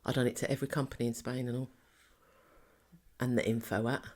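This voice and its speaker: A woman's voice: rumbling low, flat delivery, fast, darkish tone. A middle-aged woman, co-hosting a podcast in casual, teasing chat and laughing often. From England. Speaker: podcast co-host.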